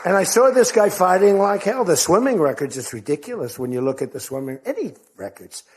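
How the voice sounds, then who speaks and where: There's a little hiss or hum as an older American man delivers a rambling, repetitive speech to a crowd, acting out quotes in his stories. His high-pitched voice is expressive, brisk, and a little mellow.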